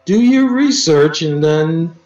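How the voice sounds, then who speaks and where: A man tells his stories slowly, stopping often and restarting, with dry teasing. His voice sits back from the mic in a roomy space. The sound is a little dull, with faint music under it. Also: a little high, lively intonation, darkish tone, distant mic. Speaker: interview guest, poet. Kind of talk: casual storytelling interview.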